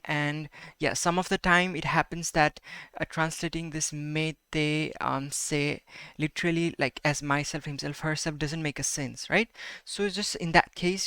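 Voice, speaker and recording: Recorded close-up with a dry, echo-free sound, a man with a fairly high, clean, bright and forceful voice gives a Spanish grammar lesson. Each example gets repeated slowly, and he keeps asking "right?" and "okay?".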